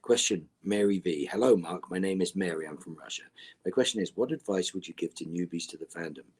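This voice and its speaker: A man answering fan questions in a casual Q&A, reading each one out and replying in a relaxed way that often trails off into a low near-whisper. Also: brisk, slightly rough.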